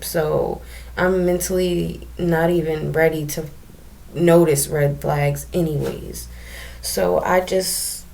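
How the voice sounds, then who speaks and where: Low, gravelly young woman telling her story. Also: darkish tone. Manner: candid, emotional, with many ums and restarts. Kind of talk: personal storytelling to camera.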